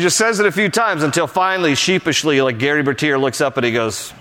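A man's voice: medium pitch, lively intonation, fast, hardly any pauses, bright, forceful tone, a little hiss or hum. An older man preaches to his congregation. He tells stories with animation and pushes his points home with emphatic exhortation. A long reverb trails every line, as if heard across a church sanctuary. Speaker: pastor. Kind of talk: sermon.

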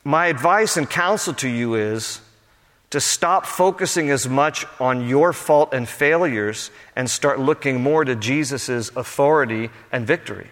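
A male pastor preaching a sermon to his congregation, swinging between impassioned build-ups and hushed, pastoral passages. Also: mid-range voice, unhurried. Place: church sanctuary with a congregation. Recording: long church hall reverb.

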